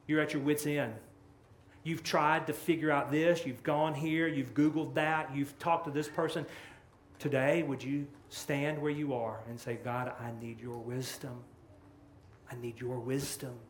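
A man preaching a sermon as pastor, impassioned and swinging from loud, rising lines to hushed, low ones. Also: fairly even intonation, measured pace, a little hiss or hum. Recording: echoey room with faint ambience.

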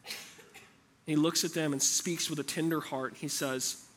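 A man's voice: a little high, fairly even intonation, moderate pace, fairly bright tone, slight background noise. A man preaching a sermon as pastor, talking in a conversational way and asking the room rhetorical questions.

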